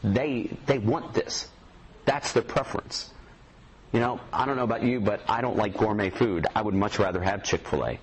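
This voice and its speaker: A man's voice: lowish voice, moderate pace, low-quality recording. Guy talking casually to a small room, plainspoken, tosses questions at the crowd, faint hiss behind. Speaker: youth ministry speaker. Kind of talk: casual workshop talk.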